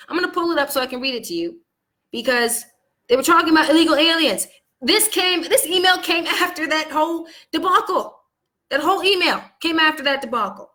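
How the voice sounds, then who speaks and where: A woman with a high, bright voice vents to her viewers in a casual vlog monologue. She is upset and angry, and her delivery swings between loud outbursts and quiet, low asides. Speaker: vlogger.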